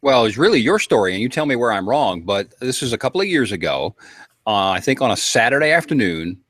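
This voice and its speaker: A man telling a long story to a panel in a casual, animated way, acting out quotes and getting worked up. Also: mid-range voice, brisk, dry recording.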